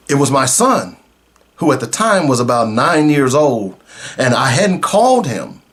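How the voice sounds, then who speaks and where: Middle-aged male radio host, earnest storyteller, emotional, mid-pitched voice. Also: sing-song, fairly bright tone. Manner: emotional, earnest, slow in places. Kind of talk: personal storytelling.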